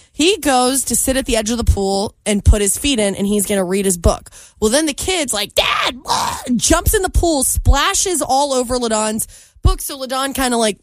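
A young woman with a fairly high voice co-hosts a morning radio show, recorded with no echo. She tells a story in casual, chatty conversation, full of "like" and little laughs.

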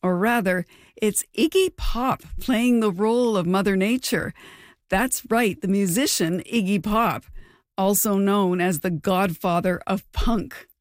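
A woman's voice: medium pitch, unhurried, no room sound. Woman hosting an interview, dry close sound. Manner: crisp, scripted-sounding introductions. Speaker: podcast host.

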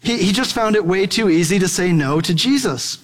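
Male pastor, high voice, chatty sermon delivery with jokey asides, long reverb. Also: expressive, moderate pace. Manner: conversational, playful asides.

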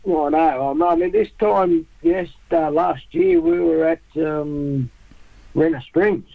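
A man's voice: fairly high pitch, measured pace, vocal fry, dry recording, narrow, tinny audio. A man with an Australian accent, chatting casually on radio about travel and surf, laughing often. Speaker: radio surf report regular.

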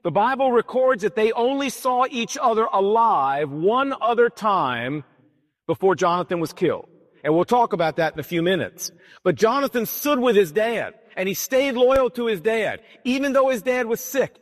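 Preacher guy, pretty high voice, dramatic storytelling, long reverb from the hall. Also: lively intonation, moderate pace. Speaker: pastor. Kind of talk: sermon.

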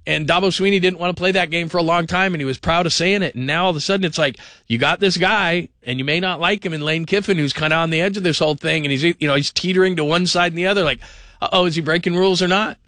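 A man hosting call-in sports radio, rambling and animated, sometimes mimicking people in funny voices. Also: on the high side, fast, no room sound, clean studio sound.

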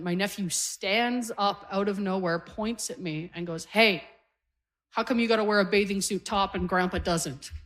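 A woman's voice: mid-range voice, in a large hall. Woman in her forties from Canada, stand-up comic, dry, chatty delivery. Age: 40s. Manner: wry, conversational storytelling to a live crowd. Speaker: stand-up comedian. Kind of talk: stand-up comedy set. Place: comedy stage before a live audience. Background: audience laughter.

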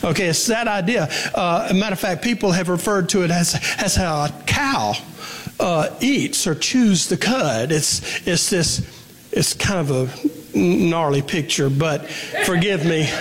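A man's voice: high voice, lively intonation, a little slow. A man preaching a sermon in a conversational way, asking his congregation questions and repeating phrases for emphasis. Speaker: pastor. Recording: long reverb of a hall.

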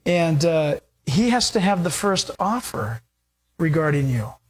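Boaz, a kind and steady landowner, speaks in a relaxed, polite, plainspoken way. A preacher voices him in their everyday speaking voice while retelling the story. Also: mid-range voice, a little slow, slightly rough, pitched below the performer's own voice. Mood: earnest. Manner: easygoing, polite, casual.

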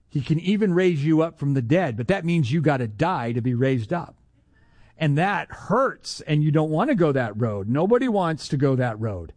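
A man preaching a sermon as pastor, animated and acting out the people in his stories. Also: on the high side, fairly quick, no echo. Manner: animated, acts out quoted dialogue.

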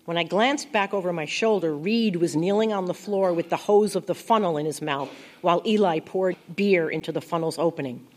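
A woman reads a first-person story in a quiet, intimate, reflective voice. Her pitch sits a little low for a woman, and the delivery stays close and unhurried. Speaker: audiobook narrator. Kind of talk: first-person audiobook narration.

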